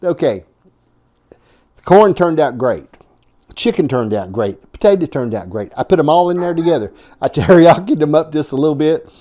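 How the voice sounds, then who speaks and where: A man with a fairly high, mellow voice hosts a casual home cooking vlog. He rambles in a folksy way and drops chuckling asides. His delivery swings widely in pitch. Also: lively intonation, normal speed. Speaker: home cooking show host.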